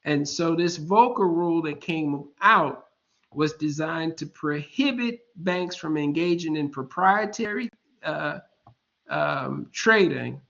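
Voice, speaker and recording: A man in his fifties teaches an online class, taking his time over every point and regularly pausing to ask if students are following. His voice sits a little high, and he talks at a slow, unhurried pace. The audio is dull and lo-fi, as though captured through a computer mic. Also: lively intonation, creaky, fairly bright tone. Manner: slow, deliberate explaining, keeps checking in with "all right?"; informal and joking asides. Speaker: lecturer. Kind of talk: online lecture.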